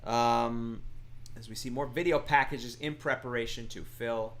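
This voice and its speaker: A man's voice: medium pitch, fairly even intonation, unhurried, a bit bright. Dry, rambling male co-host. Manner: rambling, dry and sardonic, many fillers. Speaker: co-host and commentator. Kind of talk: casual live commentary chat.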